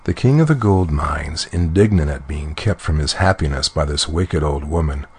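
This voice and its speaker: Storybook narrator, man, very low and husky, steady descriptive reading. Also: moderate pace.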